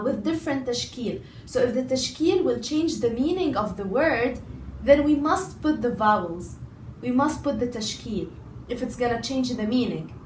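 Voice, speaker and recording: A woman language teacher explaining a lesson patiently, repeating words slowly and stressing each syllable. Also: high voice, slight background noise. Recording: echoey room, voice a bit far from mic.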